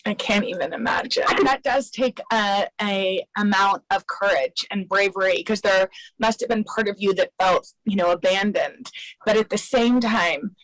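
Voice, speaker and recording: A woman TV host asking a guest questions, gently affirming and sympathetic as she listens. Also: medium pitch, normal speed, no room sound, poor audio. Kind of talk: empathetic interview questions.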